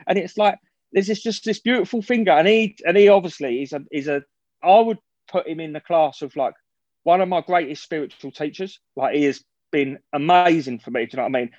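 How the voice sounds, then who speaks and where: A man's voice: on the high side, darkish tone, dry recording. A man speaks frankly at a recovery meeting, looping back and restarting his sentences as he goes. The sound is dry and close, with a slightly dull, muffled quality. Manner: rambling, frank, swears, many restarts. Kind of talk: personal share at a recovery meeting.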